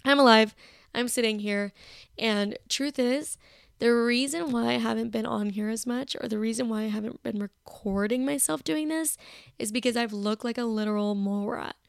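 A woman's voice: fairly high pitch, moderate pace, creaky, clear, resonant tone, dry recording, clean studio sound. A woman in her twenties hosting a podcast, chatting casually on her own from her bedroom in a rambling, self-critical way. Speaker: podcast host. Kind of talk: casual solo chat. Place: bedroom, sitting on her bed. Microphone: personal mic.

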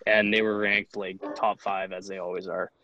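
A man's voice: low-pitched, level tone, moderate pace, pushed and bright, lo-fi sound. A young man in his twenties, a podcast guest telling a story in a loose, profane, casual way, full of "like". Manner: loose, profane, heavy use of "like". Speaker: podcast guest, hockey goalie.

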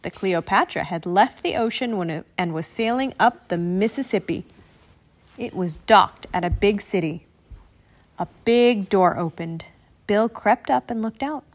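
A woman reading a children's picture book aloud in an expressive, animated way. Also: medium pitch, a little slow. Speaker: storybook reader.

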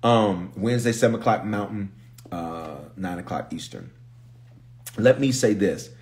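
A low-pitched man talks casually as a pastor on a livestream. He reads viewer comments aloud with energetic warmth. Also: measured pace.

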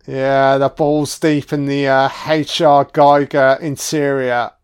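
A man giving a casual, sweary audio commentary on a film, reacting out loud to what he sees. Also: medium pitch, little pitch movement, slow pace, clean tone. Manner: sweary, exclaiming reactions at the screen.

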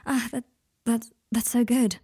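A woman voicing a warm, giddy young man in love in a storybook reading. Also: a little high, level tone, measured pace, slightly rough, no echo, studio quality. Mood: delighted.

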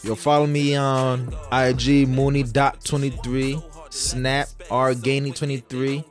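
A man's voice: mid-range voice, little pitch movement, unhurried, soft background music. A man guest on a casual podcast chat, laid-back and slangy.

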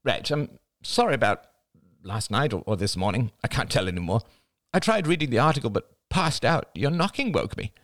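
A man's voice: medium pitch, sing-song, a little fast, a bit bright, dry recording, pitched above the performer's own voice. A man reading an audiobook, voicing a wary middle-aged woman who asks dry, probing questions. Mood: wry. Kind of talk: audiobook character voice.

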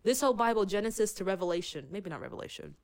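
A woman in casual conversation about faith, fervent and emotional, often dropping to a soft voice to speak God's words. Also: medium pitch, lively intonation, racing.

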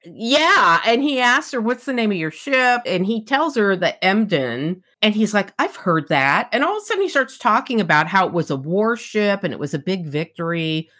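A woman's voice: medium pitch, moderate pace, few pauses. A woman co-hosting a casual book podcast, animatedly retelling scenes and acting out the characters' lines, blunt and profane. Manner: animated retelling, acts out quotes, candid and profane.

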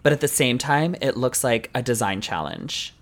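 A man co-hosting a podcast in casual chat, animated and laughing often, with the odd swear word. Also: medium pitch, normal speed. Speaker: podcast co-host.

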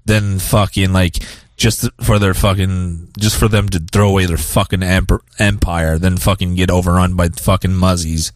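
A man with a very low voice joins a casual podcast chat. He rants in a blunt, profane, sweary way. His voice sounds dry and close to the mic. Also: fairly even intonation, normal speed, hardly any pauses, no echo. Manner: crude profane ranting.

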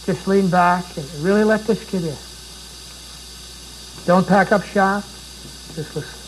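A man's voice: high-pitched, unhurried, slight background noise, poor audio. A man preaching a sermon, dramatic and pleading, with repeated rhetorical questions.

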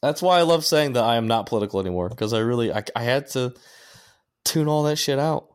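A man's voice: mid-range voice, expressive, quick pace, clear, resonant tone, dry recording, studio quality. A man co-hosting a podcast, ranting in casual chat and swearing constantly. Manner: profane, ranting. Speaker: podcast co-host.

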